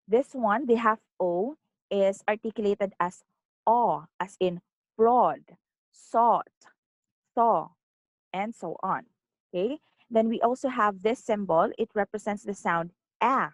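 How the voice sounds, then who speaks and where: Slow, careful Filipino woman teacher. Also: medium pitch, darkish tone, dry recording, low-quality recording. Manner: slow, careful, drawn-out example words with frequent "um" and "okay". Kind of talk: phonetics lecture.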